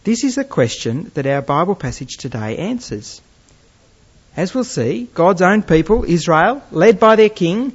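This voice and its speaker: A man preaching a sermon, telling stories with gentle humour. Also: high voice, measured pace, slightly rough. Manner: lively storytelling with gentle humour. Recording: dull lo-fi recording.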